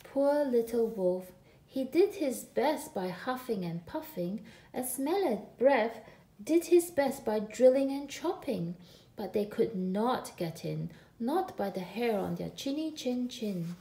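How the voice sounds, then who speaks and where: A woman reads a children's picture book aloud, expressive and slow, her voice mellow with a lively rise and fall. The room around her sounds echoey. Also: on the high side. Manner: expressive, drawn out. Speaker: storyteller.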